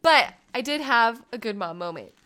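A woman in her thirties co-hosting a casual chat, a stay-at-home mom who tells animated stories and acts out the voices. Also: on the high side, moderate pace. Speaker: podcast co-host.

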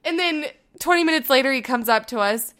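A woman in her thirties, a mother telling a story in casual chat, animated and laughing often. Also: sits high, a little fast, clear, resonant tone.

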